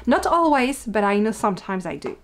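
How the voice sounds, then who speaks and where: A French woman with a French accent, hosting her own podcast in casual chat and talking quickly with many fillers. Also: mid-range voice, very animated. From France. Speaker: podcast host and indie yarn dyer.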